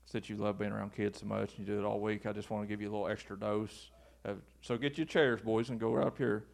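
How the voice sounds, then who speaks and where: A man's voice: fairly low pitch, little pitch movement, fast talker, creaky. A male pastor preaching a folksy sermon to his congregation in church. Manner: folksy, acts out quoted voices.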